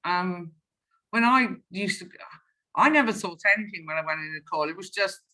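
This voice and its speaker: A woman's voice: lowish voice, normal speed. A woman, a sales professional, chatting in an interview and acting out old phone calls as she tells them. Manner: animated storyteller, acts out phone calls. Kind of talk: casual interview chat.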